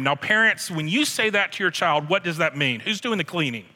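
Male pastor, bright forceful delivery, slightly high voice, emphatic and repetitive, long hall reverb. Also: big pitch swings. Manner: emphatic, slows and repeats key phrases. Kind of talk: sermon.

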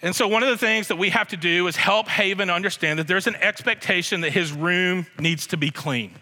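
Male pastor, bright forceful delivery, slightly high voice, emphatic and repetitive, long hall reverb. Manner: emphatic, slows and repeats key phrases. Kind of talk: sermon.

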